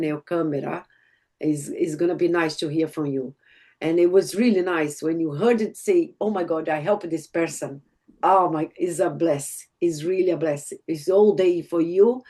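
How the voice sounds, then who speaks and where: Excited Brazilian woman on a call. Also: deep voice. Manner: enthusiastic, emotional, non-native grammar. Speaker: network marketer giving a testimonial. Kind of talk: online group call testimonial. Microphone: video call.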